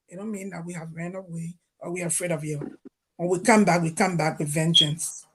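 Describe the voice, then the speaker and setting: A woman's voice: on the low side, fairly quick, slightly rough. A woman from Liberia on a video call, speaking emphatically and sternly in a casual group discussion and retelling her own exchanges. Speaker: panel guest.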